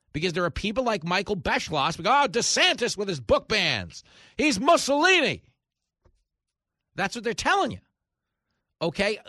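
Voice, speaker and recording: A New man hosts talk radio in a comedic monologue. His bright voice swings widely in pitch as he acts out quoted characters. The studio sound is dry and close. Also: no room sound. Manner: animated, acts out voices in quotes, rising to shouts. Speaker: radio talk show host.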